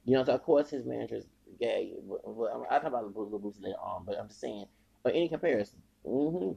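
A man's voice: mid-range voice, lively intonation, fast talker, gravelly, warm tone, breathy edge, lo-fi sound. A man hosting a podcast, giving heated, rambling commentary with frequent stumbles and repeated words. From United States. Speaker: podcast host. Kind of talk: ranting commentary.

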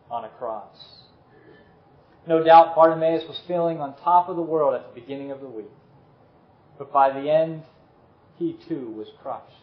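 A man preaching a sermon and leading a closing prayer, earnest and dropping softly on key words. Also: fairly high pitch. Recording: echoey room, slightly dull sound.

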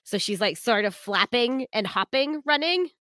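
A woman's voice: a little high, expressive, normal speed, fairly bright tone, no echo, clean studio sound. A woman playing a tabletop game, chatting and giggling as she describes her character. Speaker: player. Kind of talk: casual game chat.

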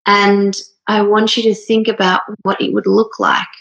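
Woman in her thirties, gravelly fry, rambling heartfelt monologue, near tears. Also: medium pitch, level tone, unhurried, fairly bright tone, low-quality recording. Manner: earnest, rambling, with many fillers. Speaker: speaker sharing a personal story.

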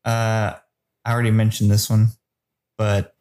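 A man hosting a casual movie review podcast, leading segments in a relaxed, steady way. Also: lowish voice, a little slow. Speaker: podcast host.

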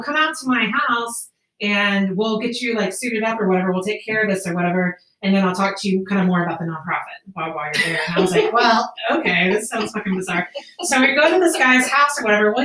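A woman hosting a casual podcast, telling a story in a profane, animated way with quick laughs. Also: mid-range voice. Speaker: podcast host. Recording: roomy, distant amateur podcast mic.

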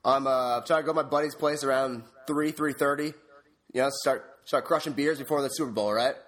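A man's voice: medium pitch, fairly even intonation, a little fast, fairly bright tone. A man in his twenties telling a story on a podcast, profane and heated, laughing often as he rants. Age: 20s. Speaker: podcast co-host. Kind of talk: casual ranting storytelling.

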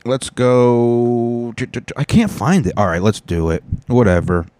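A man's voice: low voice, very animated, moderate pace, a little mellow, no room sound. A man hosting a podcast in casual, rambling, profane chat full of jokes. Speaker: podcast host.

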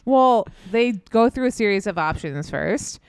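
A woman's voice: medium pitch, animated, a little slow, smooth, no echo. A woman co-hosting a comedy podcast, riffing playfully along with her partner's recap. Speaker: podcast co-host.

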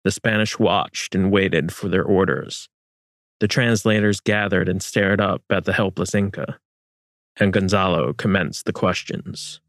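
A man reading historical fiction as narrator in a measured, solemn manner. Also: sits low, fairly even intonation, fairly bright tone, dry recording, clean studio sound.

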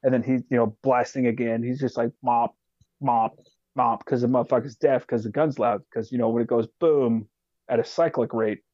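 A man telling a profane, animated war story as a podcast guest. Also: medium pitch, brisk, no room sound, dull audio. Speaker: podcast guest, retired soldier. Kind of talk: casual storytelling.

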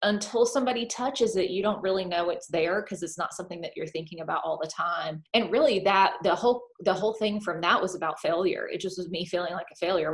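A woman talking casually and openly, full of "like" fillers, who acts out her own thoughts in quoted voices. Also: lowish voice. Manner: chatty, animated, filler-heavy with lots of "like". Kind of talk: casual chat.

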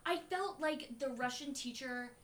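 A woman co-hosting a podcast, chatting casually and quickly about a film with lots of filler words. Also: high-pitched, a bit bright, a little hiss or hum. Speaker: podcast co-host. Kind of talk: casual chat reviewing a film.

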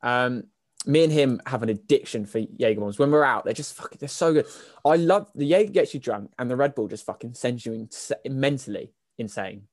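A man's voice: mid-range voice, lively intonation, a little fast, no room sound, studio quality. A young man co-hosting a podcast, telling stories in casual chat, often laughing and swearing. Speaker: podcast co-host.

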